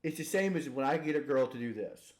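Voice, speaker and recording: A man co-hosting a casual comedy chat, joking and acting out voices with deadpan punchlines. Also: medium pitch, fast. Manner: jokey, acts out silly voices, deadpan punchlines. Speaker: podcast co-host.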